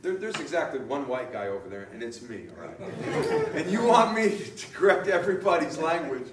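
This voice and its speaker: A man preaching a sermon in a relaxed, storytelling way, laughing often and restarting his sentences. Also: a little high, a little fast, reverberant, far from the mic, crowd noise. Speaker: pastor.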